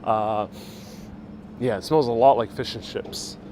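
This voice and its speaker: A man's voice: mid-range voice, steady tone, measured pace, warm tone. A man hosting a live-streamed walking tour outdoors, reading viewers' chat aloud and answering it casually as he walks, filmed on a phone. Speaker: travel vlogger. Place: outdoors on a busy old-town street. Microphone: phone held while walking. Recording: faint street noise and traffic.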